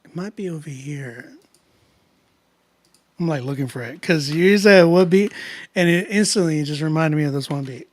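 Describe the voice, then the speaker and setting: A man's voice: on the high side, moderate pace, pauses often. A man hosting a live music critique stream, chatting casually and joking with slang. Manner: laid-back, joking, laughs often, uses slang.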